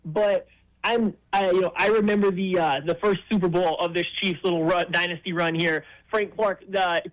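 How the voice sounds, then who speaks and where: A man appearing as a guest analyst on sports talk radio, giving quick, confident football breakdowns. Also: high voice, a bit bright, rough recording.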